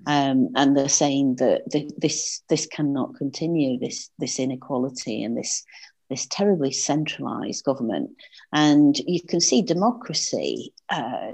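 A woman's voice: very deep voice, darkish tone, breathy edge. A woman with a Northern English accent, speaking earnestly as a political campaigner in an interview, with frequent fillers and restarts.

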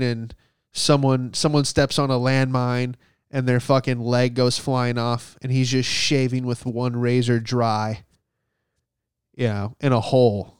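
A young man performing a stand-up bit, telling stories in a profane, animated way and acting out quotes. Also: mid-range voice, clean tone, no room sound, clean studio sound. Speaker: stand-up comedian.

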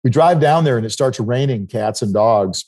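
A man's voice: mid-range voice, lively intonation, moderate pace, darkish tone. A middle-aged man from South Dakota telling a rambling travel story in casual chat. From South Dakota, United States. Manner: rambling anecdotal storytelling with restarts.

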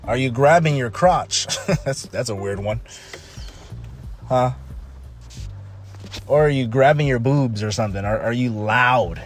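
Speaking unhurriedly at medium pitch and pausing often, a man in his thirties talks casually and emphatically at home, repeating and restarting phrases. Heavy rain pours outside and faint music plays.

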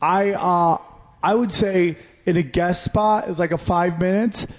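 A stand-up comedian with a notably high-pitched male voice holds forth on a casual podcast. He swears constantly and rambles through his advice with animated, blunt energy. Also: measured pace.

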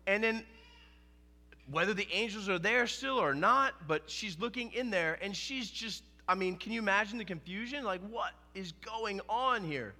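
A man preaching a sermon as pastor, in an animated, conversational way, often acting out quoted dialogue. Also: high voice, moderate pace, in a large hall.

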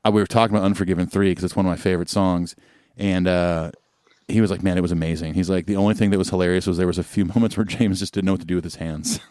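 A man in his forties hosting a podcast, telling stories in quick casual chat. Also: sits low, steady tone, a little mellow, no room sound, clean studio sound. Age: 40s. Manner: quick, chatty storyteller. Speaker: podcast host.

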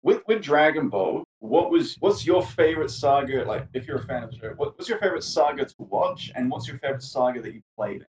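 A mid-pitched male interviewer who sits some way back from the mic. He sounds curious and asks long, loosely built questions, and his voice stays fairly plain in tone. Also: lively intonation, a little fast, few pauses, darkish tone, far from the mic, slight background noise, low-quality recording. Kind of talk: casual interview conversation.

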